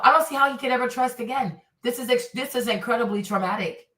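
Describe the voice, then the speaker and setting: Woman, commentary host, bright tone, fairly high voice, casual and animated, distant mic in an echoey room. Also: fast. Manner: animated, talks to viewers, acts out quotes. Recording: roomy and slightly distant.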